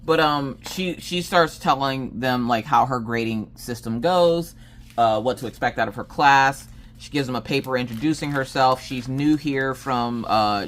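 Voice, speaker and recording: A woman's voice: very deep voice, slight background noise. A woman crafting on camera and chatting casually, rambling through a story and acting out what everyone said. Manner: rambling storyteller who acts out quoted dialogue. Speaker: crafting vlogger and streamer. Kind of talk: casual chat while crafting.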